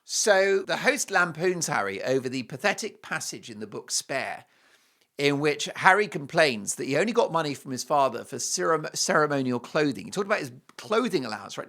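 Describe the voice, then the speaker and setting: A man's voice: fairly high pitch, expressive, normal speed, vocal fry, bright, forceful tone. A man hosting a talk show, giving jokey, emphatic commentary and reading an ad. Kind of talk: opinionated commentary with a read ad.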